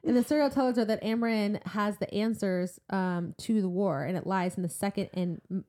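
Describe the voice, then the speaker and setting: A young woman trades commentary on a casual book podcast, summarizing plot points in an easygoing way. Her reactions are playful and giggly, full of quick joking asides. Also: medium pitch, fairly even intonation, mellow. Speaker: podcast co-host.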